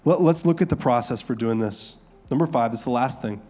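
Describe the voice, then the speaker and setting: A man's voice: mid-range voice, warm tone. Conversational man preaching a sermon. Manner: conversational, laughing asides, emphatic slow repeated lines. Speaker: pastor.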